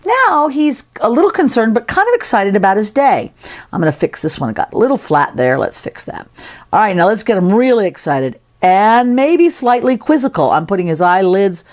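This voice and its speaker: A woman's voice: mid-range voice, sing-song, moderate pace, darkish tone. A woman giving a casual, playful sculpting tutorial, chatting as she works. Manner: chatty, playful, talks while working. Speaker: sculpting instructor.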